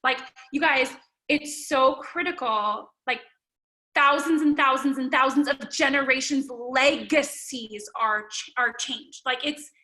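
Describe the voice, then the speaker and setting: A woman's voice: sits high, a little slow, bright, forceful tone, low-quality recording. A young woman leading a motivational team call, emphatic and upbeat, with lots of "like" between her thoughts. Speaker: team leader.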